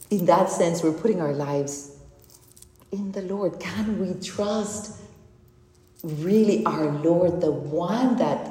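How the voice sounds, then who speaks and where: Woman telling a faith story in an echoey hall. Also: on the low side. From Mexico. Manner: animated storytelling, acts out dialogue, laughs often. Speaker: consecrated speaker giving a spiritual talk. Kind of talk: testimony and faith talk. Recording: echoey hall with long reverb.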